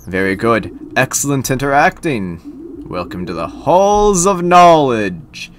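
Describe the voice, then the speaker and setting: A man's voice: mid-range voice, very animated, takes it slowly, fairly bright tone, a little hiss or hum. A man voicing a pompous male knight tutor in a video game, lecturing in a lofty, self-important way.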